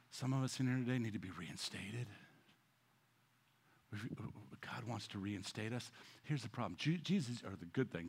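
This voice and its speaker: This pastor's sermon comes in a lowish voice with a breathy edge. He alternates booming emphasis with quiet, near-whispered stretches and tends to repeat words as he starts phrases over.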